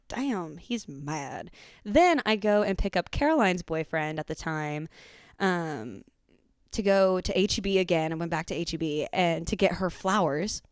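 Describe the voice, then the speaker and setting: A woman, hosting a podcast and telling a profane, animated story in casual chat. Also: fairly low pitch, no echo, studio quality. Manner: animated, profane, acts out quotes. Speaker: podcast host.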